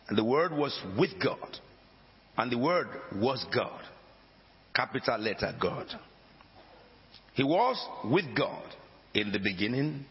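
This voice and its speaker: Slow, lively-pitched preacher in a reverberant hall. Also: male voice. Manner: emphatic, preaching with dramatic rises and drops. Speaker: pastor. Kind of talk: sermon. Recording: dull lo-fi recording with long hall reverb.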